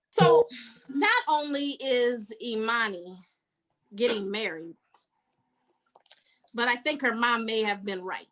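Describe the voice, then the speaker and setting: A woman's voice: a little high, lively intonation, slow pace, pauses often, a bit bright, poor audio. A woman podcast host recapping a book in casual chat, telling the story with energy and acting out the characters' lines.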